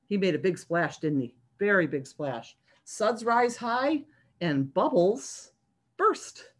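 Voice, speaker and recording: A female children's librarian shares a picture book with young kids over video call, reading slowly in a mid-range voice. Her style is sing-song and animated, and she breaks off to ask the children questions.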